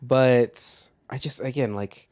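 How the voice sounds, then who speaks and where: A man co-hosting a movie podcast, chatting casually with a loose, profane and animated manner. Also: medium pitch, slow. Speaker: podcast co-host. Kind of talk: casual chat.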